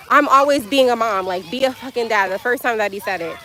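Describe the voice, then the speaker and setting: A woman's voice: fairly high pitch, fast, hardly any pauses, pushed and bright, slight background noise, rough recording. A woman livestreaming outdoors at a splash pad, telling a frank, emotional story, swearing freely and breaking off to talk to her child. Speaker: livestreamer mother.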